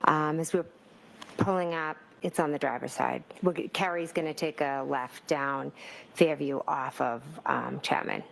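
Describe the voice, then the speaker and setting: A woman's voice: low voice, measured pace, creaky, a little hiss or hum, rough recording. A woman giving courtroom testimony as a witness, hesitant, with many fillers and restarts. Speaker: trial witness.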